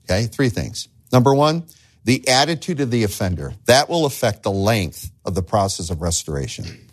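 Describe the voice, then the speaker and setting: Pastor guy preaching, lowish voice that swings up and down a lot, keeps asking the crowd "right?". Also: sing-song, normal speed. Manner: earnest, asks the listeners rhetorical questions; repeats words at the start of phrases. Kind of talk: sermon.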